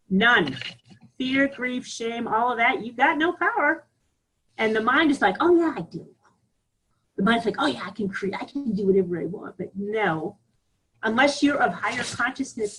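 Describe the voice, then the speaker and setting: A woman giving a candid, animated spiritual talk on a live group call, laughing often. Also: a little high, slightly rough, poor audio. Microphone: online group call.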